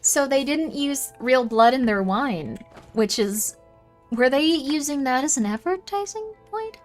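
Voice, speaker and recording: A woman's voice: sits high, lively intonation, a little slow, faint music behind. A young woman streaming a game, chatting casually with her viewers and muttering to herself as she plays. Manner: chatty, reacting aloud to chat and muttering to herself. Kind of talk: casual livestream chat while gaming.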